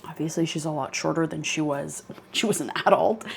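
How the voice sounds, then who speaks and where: With a low-sitting voice that has vocal fry and a breathy edge, a young woman host tells a ghost story on her channel a little fast. Her style is chatty, heavy on "like" fillers, and punctuated by laughter.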